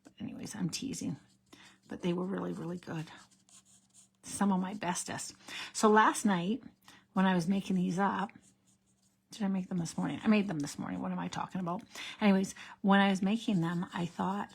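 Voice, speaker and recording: A woman's voice: mid-range voice, fairly even intonation, fairly quick, vocal fry, breathy edge. A middle-aged woman, hosting a card-making video in a casual, rambling way from her craft room at home, chatting straight to her viewers. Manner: rambling, self-interrupting, talks to viewers.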